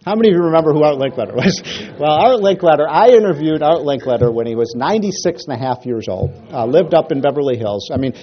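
Joking male speaker, slightly dull sound. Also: medium pitch. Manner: joking, storytelling, many fillers and restarts. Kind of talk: after-dinner speech.

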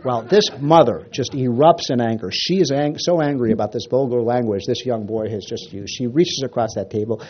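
A man's voice: medium pitch, fairly quick, few pauses, dull audio, a little hiss or hum. A man giving a casual, rambling political talk to a crowd, telling jokes and stories. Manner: rambling, animated storyteller with restarts.

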